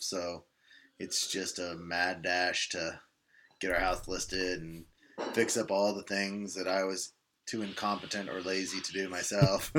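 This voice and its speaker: A middle-aged man with a lowish voice chatting casually with a friend. He jokes around and fires off teasing questions. There is a faint hiss behind him. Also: sharp tone. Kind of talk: casual chat.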